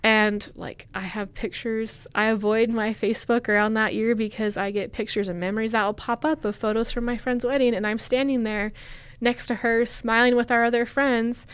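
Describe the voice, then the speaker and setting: A young woman talks through a personal story as a guest on an interview podcast. Her delivery is candid and halting, with plenty of "like" and "um" along the way. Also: fairly high pitch, fairly even intonation, clear, resonant tone, no room sound. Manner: candid, halting, with many fillers.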